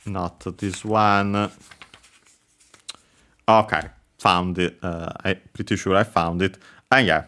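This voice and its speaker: Slow deep-voiced guy teaching over a game, lots of uhs, restarts sentences. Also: steady tone, bright, forceful tone. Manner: hesitant, full of uh fillers and self-corrections. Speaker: Japanese language teacher streaming gameplay. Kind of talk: explaining while playing a game.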